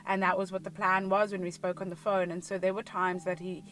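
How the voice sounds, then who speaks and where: A woman's voice: lowish voice, level tone, fairly quick, a bit bright, slight background noise, rough recording. A young South African woman with a South African accent, telling a personal story in a frank, conversational confessional way as a vlogger in her car. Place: inside a car.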